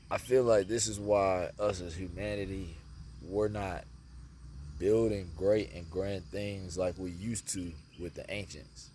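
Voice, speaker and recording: A man with a deep, low voice and a drawl talks straight to camera outdoors. His delivery is slangy and preachy, with plenty of emphasis. Faint crickets sound behind him. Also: a little hiss or hum. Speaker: spiritual vlogger. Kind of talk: casual spiritual talk to camera.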